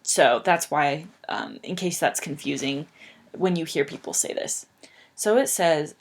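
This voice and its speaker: With a low, creaky voice that swings widely in pitch, a young woman reads aloud in a slow English lesson. She keeps a measured pace and patiently explains words, using plain fillers.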